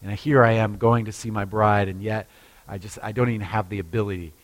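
A man's voice: lowish voice, fairly even intonation, a little fast, pitched below the performer's own voice, close to an everyday voice. A preacher doing a frail, weary old man. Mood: humble, weary.

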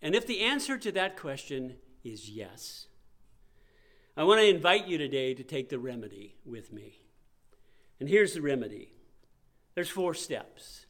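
A man's voice: fairly high pitch, a bit bright. A male pastor preaching a sermon in a conversational way, acting out the voices he quotes.

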